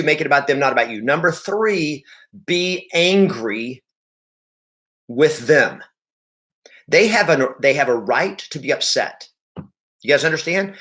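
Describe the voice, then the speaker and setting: A man's voice: mid-range voice, bright, forceful tone. A man coaching real estate agents, emphatic and repeating his points, acting out the talk with clients. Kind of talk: motivational sales training talk.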